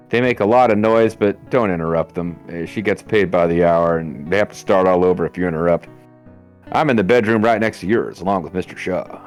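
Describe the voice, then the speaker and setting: A man voicing a folksy male lodge keeper in a game, reading his lines with playful jokes thrown in. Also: low voice. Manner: playful, jokey ad-libs. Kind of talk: reading game dialogue aloud in a put-on voice.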